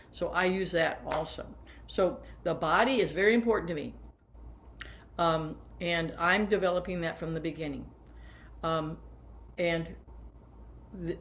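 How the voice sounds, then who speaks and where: A woman's voice: deep voice, a little hiss or hum. Older woman band director, coaching seated, demonstrates as she goes. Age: 70s. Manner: warm, hands-on, guiding listeners through exercises. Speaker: band teacher. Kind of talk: workshop lesson for teachers.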